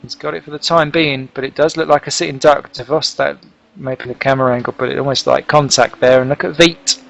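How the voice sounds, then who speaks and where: A man giving lively, jokey play-by-play commentary on a sim race broadcast. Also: medium pitch, fairly quick, gravelly, muffled recording. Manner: excitable, jokey, chatty play-by-play. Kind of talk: live sim racing commentary.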